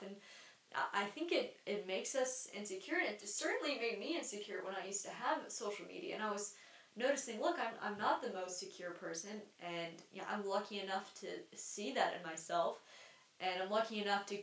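A young adult woman hosting a solo podcast speaks in an animated, mid-range voice at a slightly fast pace. Her candid, rambling stream-of-consciousness talk is full of fillers, restarts and casual swearing, recorded with a distant mic in a roomy space.

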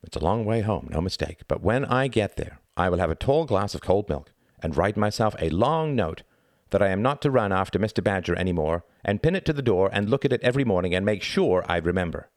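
A man's voice: sits low, expressive, fairly quick, dry recording, studio quality. A man voicing a small, timid male mouse in a storybook, stammering and panting. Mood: weary. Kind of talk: storybook reading.

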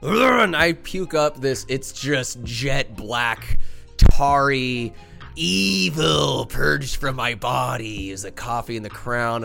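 A man's voice: mid-range voice, creaky, pushed and bright. A young man hosting a podcast, telling a rambling, profane, self-mocking story in casual monologue. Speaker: podcast host.

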